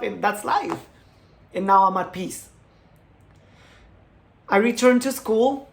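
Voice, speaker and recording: A man's voice: sits high, fairly bright tone. Earnest man giving a faith testimony. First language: Spanish. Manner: earnest, speaks in short halting phrases. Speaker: creator of a healing channel. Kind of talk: personal faith testimony monologue.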